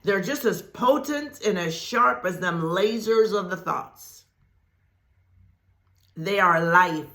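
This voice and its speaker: A woman giving a spiritual talk as host of her channel, speaking deliberately, repeating phrases for emphasis and laughing often. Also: on the low side, bright, forceful tone. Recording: echoey room.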